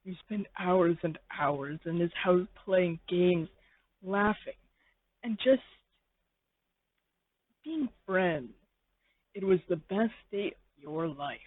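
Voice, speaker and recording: A narrator reads a fan fiction story in rambling second person. The delivery is slow, with a husky tone and lively pitch. It sounds tinny and dry, like a phone line. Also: no room sound.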